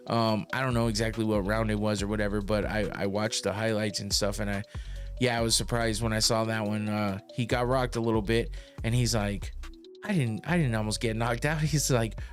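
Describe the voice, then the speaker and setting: A man's voice: on the low side, fairly even intonation, a little fast, soft background music. A man hosting a podcast, recapping fights in a rambling, casual way with lots of cursing and restarts. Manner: rambling, profane, with frequent restarts and laughs. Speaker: podcast host.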